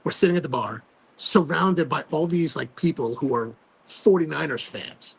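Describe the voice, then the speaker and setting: A man hosting a casual livestream chat, telling animated stories full of fillers and restarts. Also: a little high, moderate pace. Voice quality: gravelly, husky voice. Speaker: host.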